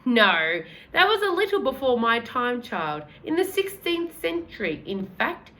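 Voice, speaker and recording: A woman voicing a kindly, gentlemanly old male tramp who talks in a polite, old-fashioned, fatherly way. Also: a little high, very animated, measured pace, full character voice. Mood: genteel.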